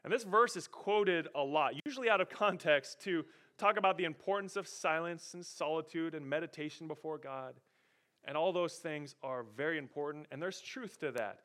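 A man pastor preaching a sermon, animated and emphatic, rising and falling in volume. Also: fairly high pitch, moderate pace.

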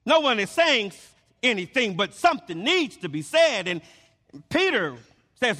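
A man's voice: extremely high pitch, very animated, unhurried, bright, forceful tone, in a large hall. A man preaching a sermon, emphatic, often stammering and repeating his words.

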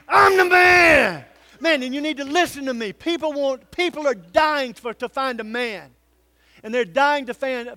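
A male pastor preaching a sermon, swinging between loud calls and hushed, earnest pleading. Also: very high voice, no echo.

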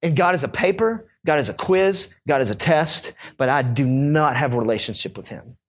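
A young male pastor preaching a sermon in a conversational, animated storytelling way. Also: mid-range voice, moderate pace, lo-fi sound.

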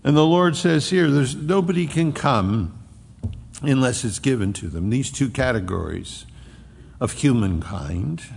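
A male pastor delivers a sermon in a large church sanctuary, and his voice trails off in a long reverb. His mid-pitched voice carries a gravelly, fried texture. He swings between fervent, driving emphasis and quiet, low-voiced reflection. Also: lively intonation, unhurried.

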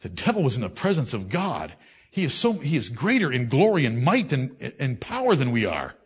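A man preaching a fiery sermon, swinging between loud, raised declaiming and low, intense reasoning, and scolding his listeners directly. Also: wildly swooping pitch, brisk, husky.

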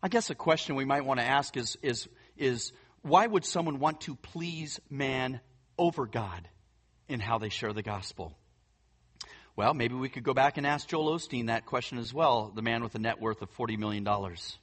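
A man's voice: medium pitch, moderate pace, a bit bright. A man preaching a sermon in an earnest, emphatic way, often repeating words for weight. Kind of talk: sermon teaching.

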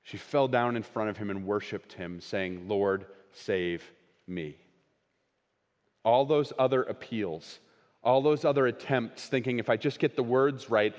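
Man preaching in a reverberant hall. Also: mid-range voice. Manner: dramatic, shifts between loud quoted lines and hushed, slow emphasis. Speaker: pastor. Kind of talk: sermon.

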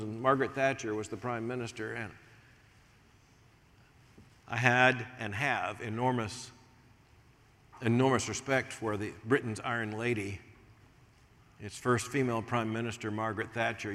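An older American man preaching a sermon as pastor, swinging from hushed asides to emphatic points. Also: mid-range voice. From United States. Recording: long reverb of a large hall.

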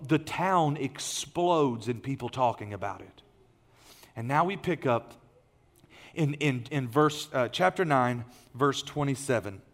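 A man preaching a sermon, telling a story in an animated way and swinging from loud, excited passages to hushed ones. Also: medium pitch. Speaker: pastor.

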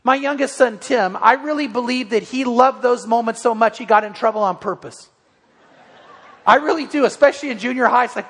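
Earnest high-voiced pastor in a reverberant hall. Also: male voice, fairly quick. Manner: earnest, repeats words in restarts, drops soft for stories. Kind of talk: sermon. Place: church sanctuary.

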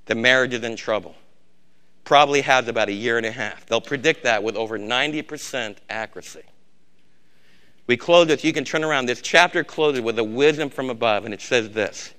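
The older man preaching here is a pastor whose sermon shifts from booming exhortation to quiet, low stress, with words repeated for weight. He speaks a little fast, and his tone is clean.

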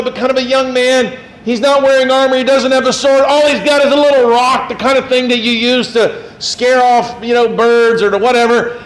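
A man preaching a sermon in an animated way, acting out quotes and tossing in rhetorical asides. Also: very high-pitched. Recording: roomy hall, faint room noise.

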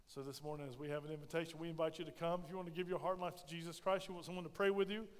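Male pastor, high voice, sermon in a reverberant sanctuary, swings between loud emphasis and soft asides. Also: little pitch movement, rapid-fire. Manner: preaching with rising emphasis and soft drops. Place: church sanctuary.

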